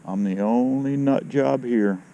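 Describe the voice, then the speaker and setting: A man's voice: medium pitch, measured pace, warm tone, dull audio, a little hiss or hum. A man telling a rambling story outdoors at a fishing spot at daybreak, repeating and restarting his words as he goes. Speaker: outdoors vlogger. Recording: voice a bit distant from the mic.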